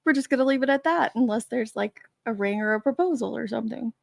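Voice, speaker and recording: Speaking fast in a fairly high, gravelly voice, a woman runs a relaxed live stream out of her basement man cave. She's chatty and quick to laugh, calling out viewers' chat names, and the sound is clean studio quality with no echo.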